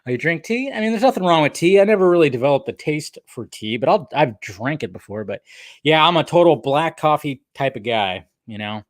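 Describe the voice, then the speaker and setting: Male film-news streamer, casual and profane, rambles through viewer comments; slightly high voice, dry close sound. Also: expressive, brisk, no room sound. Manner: rambling, loose and profane, talks straight to viewers.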